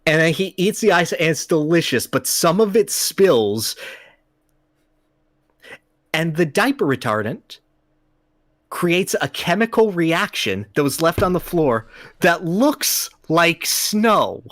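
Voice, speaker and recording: A man's voice: fairly high pitch, very animated, slow, fairly bright tone, no echo, clean studio sound. Amused man retelling a game story. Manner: amused, laughs while recounting. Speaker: podcast host.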